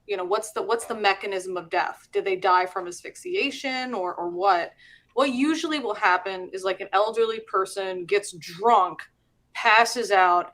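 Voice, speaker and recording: A woman's voice: medium pitch, sharp tone. Chatty middle-aged woman host. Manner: chatty, laughs while explaining. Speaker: host and teacher. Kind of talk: casual live-stream chat.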